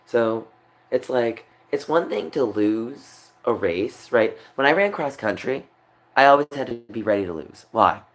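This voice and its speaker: A man's voice: mid-range voice, lively intonation, a little slow. A young man on a livestream, talking upset and rambling, repeating himself. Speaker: streamer. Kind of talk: emotional livestream monologue.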